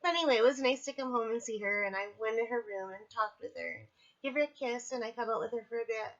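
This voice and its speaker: Woman vlogger, fairly high voice, chatty and candid, recovering and sore, dull lo-fi home audio. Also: quick pace. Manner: chatty, candid, apologetic asides. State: recovering from surgery, in pain. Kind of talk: casual personal video diary. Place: at home, indoors.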